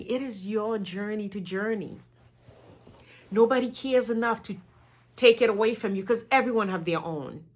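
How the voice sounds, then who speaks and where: Earnest woman giving a motivational talk. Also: mid-range voice. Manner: earnest, encouraging, repeats phrases for emphasis. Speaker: motivational speaker.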